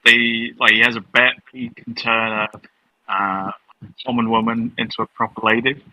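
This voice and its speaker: A man's voice: medium pitch, little pitch movement, moderate pace, pushed and bright, no room sound, poor audio. A man in casual chat, wry and teasing.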